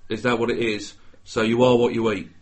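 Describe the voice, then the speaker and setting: A man's voice: medium pitch, fairly quick. A man bantering crudely and laughing on a casual podcast. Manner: crude and laughing, with lively intonation.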